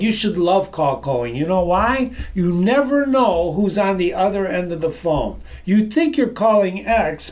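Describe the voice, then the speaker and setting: A man delivers a motivational sales lesson from his office in a high, lively voice that swings widely up and down. He talks emphatically, repeats key phrases for effect and keeps calling out to his listeners as ladies and gentlemen while pacing around. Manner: moves around while talking. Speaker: sales trainer presenting to an online audience. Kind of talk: energetic motivational presentation.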